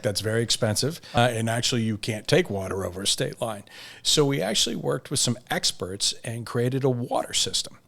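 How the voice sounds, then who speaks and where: Ceo guy on a podcast, regular voice, upbeat and earnest, kinda salesy. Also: gravelly. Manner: upbeat, earnest business pitch. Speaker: company CEO guest. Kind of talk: interview answers.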